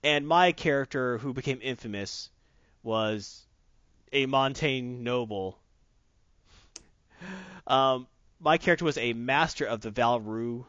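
A man's voice: medium pitch, slow pace, pauses often, a bit bright, no echo. Casual co-host, man; eager and rambling, full of restarts; dull, dry audio. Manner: enthusiastic, rambling with many restarts. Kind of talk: casual chat about tabletop games.

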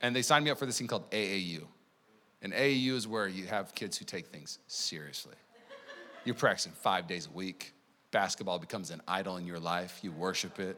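A man preaching a sermon as pastor, conversational and energetic, telling stories to the congregation. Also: low-pitched, a little fast. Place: church sanctuary. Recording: long church hall reverb.

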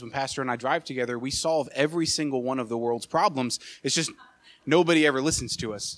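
A young man preaching, telling a personal story in an animated way, with many filler uhs and repeated words. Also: mid-range voice. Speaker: associate pastor. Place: church sanctuary.

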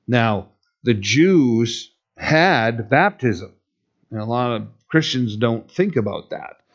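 Slow-talking preacher man, dull recording. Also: medium pitch. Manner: conversational, asides and fillers, rising to stern emphasis on quoted rebukes. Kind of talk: sermon.

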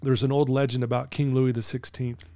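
Earnest man with a warm voice. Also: medium pitch, level tone, a little fast, no echo, studio quality. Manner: earnest, acts out dialogue with clients. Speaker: podcast guest, client coach. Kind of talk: conversational storytelling interview.

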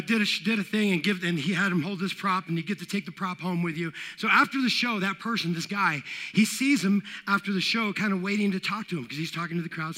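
A man preaching a casual, conversational sermon, often checking in with "all right" and building to loud high points. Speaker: pastor.

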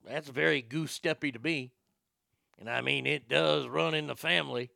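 A man's voice: fairly high pitch, moderate pace, vocal fry, sharp tone, dry recording. An older man giving heated, profane and sarcastic political commentary.

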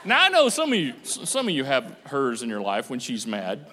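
A man preaching a sermon as pastor, animated and joking, acting out the voices of people he quotes. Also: mid-range voice, a little fast, background noise. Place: church auditorium. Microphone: handheld microphone on stage. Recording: echoey church hall.

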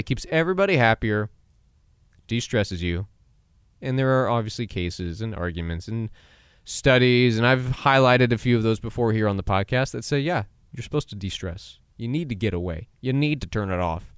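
A man's voice: medium pitch, very animated, moderate pace, clear, resonant tone, no room sound, clean studio sound. A man in his twenties hosting a solo podcast, talking casually and acting out quoted voices, often laughing at himself. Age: 20s. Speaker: podcast host.

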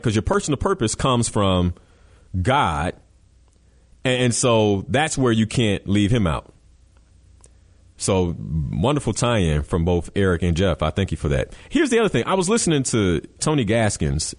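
An emphatic man hosts a motivational radio talk show. He turns to the listeners and presses his points home, and his pitch rises and falls a lot as he goes. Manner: preachy, emphatic, addresses listeners directly.

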